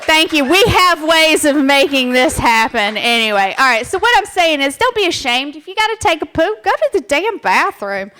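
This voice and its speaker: A woman with a notably high voice gives a playful, crude comic talk. She is excitable and keeps calling out to the audience. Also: moderate pace, hardly any pauses. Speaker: presenter at a live bar show. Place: bar stage with live audience.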